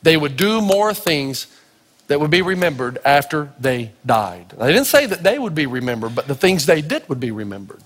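A man's voice: a little high, moderate pace. A man from Tennessee preaching a sermon, telling stories and acting out the dialogue in raised voices. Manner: animated storyteller, acts out dialogue in raised voices. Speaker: pastor. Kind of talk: sermon with storytelling. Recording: long hall reverb.

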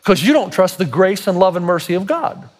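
A man's voice: high-pitched, big pitch swings, fairly quick. A man preaching a sermon, building to emphatic, intense passages and acting out quoted prayers and speech. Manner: acts out quoted prayers and God's words. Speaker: pastor.

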